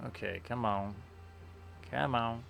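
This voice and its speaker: Male streamer, mid-pitched and gravelly, relaxed thinking-aloud play commentary. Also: slow. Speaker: streamer playing a tactics game. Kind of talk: casual game commentary. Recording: faint game music behind.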